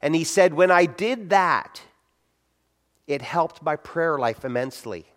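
A middle-aged pastor with a high-side, fairly bright voice preaches on prayer in an animated way at a measured pace. His sermon is conversational, with short quotes acted out as he tells stories.

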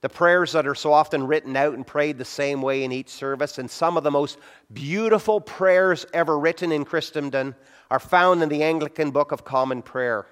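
A man's voice: a little high, moderate pace, a bit bright, clean tone. A middle-aged male pastor giving a conversational sermon on prayer, acting out short quotes as he tells stories. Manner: conversational preaching with acted-out quotes.

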